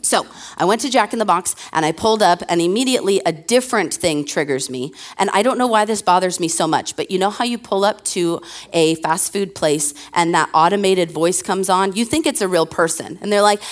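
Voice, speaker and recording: A woman's voice: mid-range voice, a little fast. A young woman pastor preaching from a church stage, talking casually into a handheld mic. She tells funny everyday stories in a loose, chatty way, full of fillers and asides, before easing into scripture. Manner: chatty, self-deprecating storytelling with fillers. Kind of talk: conversational sermon.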